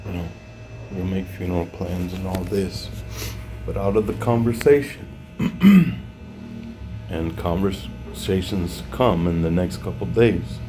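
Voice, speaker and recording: A man telling his personal testimony in an unscripted, halting way, with many fillers and restarts, at times growing emotional. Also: deep voice, music in the background. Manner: becomes emotional, voice rising. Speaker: former truck driver giving a testimony. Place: home in Mexico.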